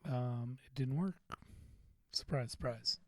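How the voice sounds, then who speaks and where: A man's voice: medium pitch, slow, no room sound. A man hosting a podcast, telling a story in a rambling, profane, self-deprecating way. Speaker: podcast host. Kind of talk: casual venting monologue.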